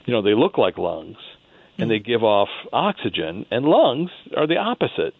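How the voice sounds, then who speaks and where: A man telling stories as a radio show guest, animated, laughing often and acting out the voices of people he quotes. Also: medium pitch, normal speed, gravelly, slightly rough, no room sound. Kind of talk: storytelling in a radio interview. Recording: tinny phone line into a radio show.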